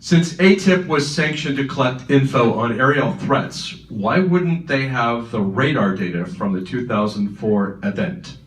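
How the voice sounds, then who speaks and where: A man's voice: medium pitch, measured pace, few pauses. Moderator man reading questions in a hall. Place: large conference hall. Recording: echoey hall, distant mic.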